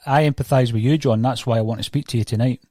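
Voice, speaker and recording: A man hosting a podcast interview, earnest and halting as he frames his questions. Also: mid-range voice, fairly even intonation, dark tone, no echo, clean studio sound. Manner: earnest, halting, with fillers and restarts. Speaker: podcast host.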